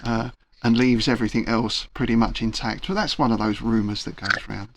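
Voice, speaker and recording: A man serving as game master, describing the setting and what the players see. His delivery is relaxed and conversational, with small asides to the table. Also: medium pitch, fairly quick, vocal fry, noisy background.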